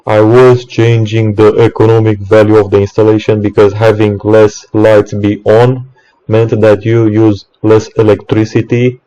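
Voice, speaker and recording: Man, low-pitched, mellow dark tone, exasperated rant, swearing, stammering restarts. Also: low-quality recording. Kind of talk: ranting monologue.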